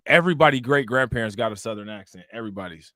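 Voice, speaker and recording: A male host chatting through crime news in loose, slangy talk, laughing often and shouting out his viewers. His voice is sharp and bright. The sound is close and dry, with no room around it. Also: on the low side, animated, rapid-fire, dry recording. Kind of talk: casual reaction commentary.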